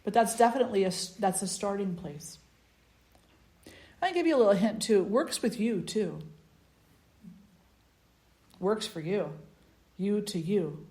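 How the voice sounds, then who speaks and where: A woman spiritual teacher giving a satsang talk, telling stories gently in short, unhurried phrases. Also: medium pitch, animated. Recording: echoey room.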